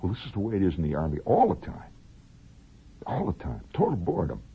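A man's voice: lowish voice, breathy edge. A man telling a long, digressive, humorous story in a rambling radio monologue. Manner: digressive, humorous, drawn-out asides. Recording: narrow lo-fi old radio recording.

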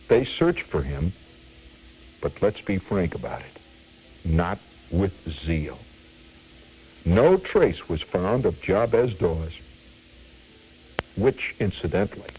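A man on the radio reading a comic poem theatrically, with playful, teasing asides to listeners, on a dull lo-fi radio recording with faint music. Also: sits low. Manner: chuckling, theatrical. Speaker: radio host reading poetry. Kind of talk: dramatic poetry reading.

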